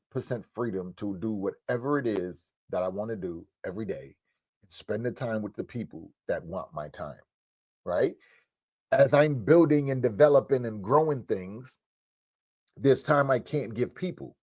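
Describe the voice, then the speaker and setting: A man's voice: mid-range voice, a little mellow, no room sound. A man in his thirties giving a motivational lesson to young people, talking straight at them with street slang and tacking on "right?" again and again. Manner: repetitive, asks "right?" often; street slang, direct address. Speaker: coach.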